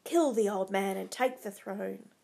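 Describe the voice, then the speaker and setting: A woman's voice: medium pitch, measured pace, gravelly, warm tone, voice pushed down. A woman voicing a scheming, ruthless noblewoman who coaxes, commands and scorns, read aloud from a storybook.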